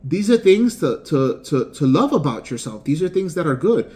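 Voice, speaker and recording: A man's voice: on the high side, big pitch swings, normal speed, warm tone. A man, an author and game developer, giving a casual motivational talk with rambling phrasing, frequent fillers and repeated words.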